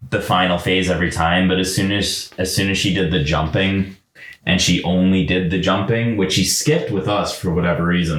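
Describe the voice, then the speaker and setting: A man's voice: deep voice, fairly bright tone, reverberant. A man co-hosting a game podcast, rambling with lots of fillers and wry complaints. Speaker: podcast co-host. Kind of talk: casual chat.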